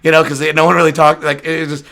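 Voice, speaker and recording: A man's voice: a little high, little pitch movement, fast talker, creaky, pushed and bright. A man hosting a casual podcast, telling stories in a rambling way with frequent laughs. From Chinese heritage. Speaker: podcast host.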